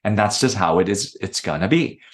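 A man's voice: fairly low pitch, animated, a little fast. A man speaking as a podcast guest, telling personal stories in a reflective, conversational way and acting out the voices he quotes. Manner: thoughtful, acts out quoted voices.

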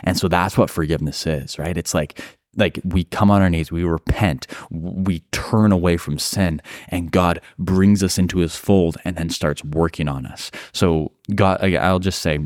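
A man's voice: deep voice, fairly even intonation, a little slow, darkish tone, no echo, studio quality. A man co-hosting a casual faith discussion, talking earnestly with frequent "like" and "right?". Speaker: podcast co-host.

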